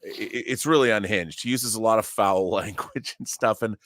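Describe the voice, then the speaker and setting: Animated male pop-culture guest, dry sound. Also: fairly low pitch, moderate pace, no room sound. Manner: animated storyteller, stammering restarts, laughs often. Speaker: guest commentator. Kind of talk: casual chat about movies and comics.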